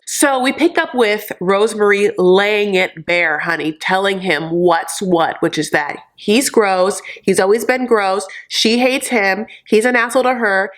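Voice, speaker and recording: Campy, sassy recap host with a low voice. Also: female voice, creaky. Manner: campy, quick asides, calls viewers honey. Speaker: reality show recap host.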